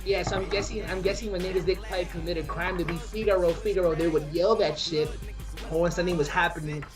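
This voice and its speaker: A man's voice: sits high, steady tone, quick pace, music in the background. A young man co-hosting a podcast in casual chat, rambling with slang and many restarts. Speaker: podcast co-host.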